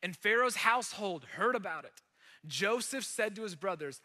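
A pastor telling a Bible story in a casual sermon, acting out the quotes. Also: male voice, high voice, lively intonation, moderate pace, pushed and bright, in a large hall.

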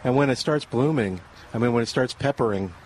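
A man's voice: mid-range voice, a little fast, a little mellow, slight background noise, low-quality recording. A man hosting a radio garden show, speaking casually with many hesitations. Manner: hesitant, lots of uhs.

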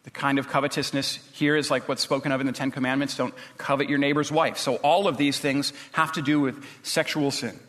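A man's voice: mid-range voice, fairly even intonation, a little fast, hardly any pauses, a bit bright, in a large hall. A male pastor preaching a sermon in a conversational way, with some restarts.

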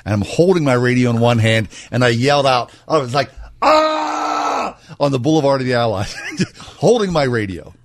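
A man's voice: mid-range voice, expressive, fairly quick, hardly any pauses, slight background noise. A man in his sixties co-hosting a radio show, telling self-deprecating stories in a jovial, casual way. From Pittsburgh.

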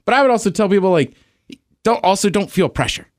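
Male co-host, relaxed encouraging chat, lively voice, dry close recording. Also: high voice, fast talker, no echo. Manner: easygoing, encouraging, says "right?" often. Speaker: podcast co-host. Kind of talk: casual chat.

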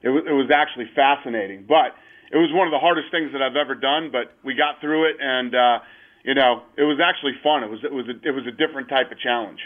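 A man's voice: mid-range voice, quick pace. A man being interviewed over the phone, talking in a blunt, emphatic way. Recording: tinny phone line.

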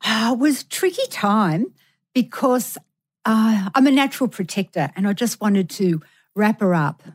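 A woman's voice: medium pitch, lively intonation, a little slow. A middle-aged woman, a mother, answering an interview candidly and reflectively. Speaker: guest, a co-host's mother.

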